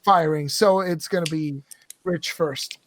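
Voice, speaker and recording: A man running a tabletop role-playing session as game master, talking in halting, self-correcting phrases. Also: on the high side, noisy background. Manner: halting, thinks aloud, lots of restarts.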